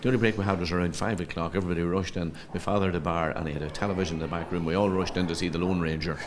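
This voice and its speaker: A man's voice: low voice, fairly even intonation, racing, background noise. A middle-aged man from Ireland with a Donegal Irish accent, chatting as a comedian guest in an interview, spinning anecdotes and stumbling over repeated words. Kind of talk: casual interview chat.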